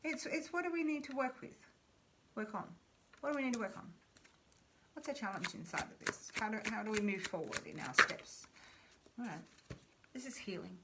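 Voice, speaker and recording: A woman's voice: a little high, lively intonation, normal speed, pauses often, a bit bright, a little hiss or hum. A woman giving a casual tarot reading in a chatty way, repeating phrases and correcting herself, with playful joking asides. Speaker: tarot reader.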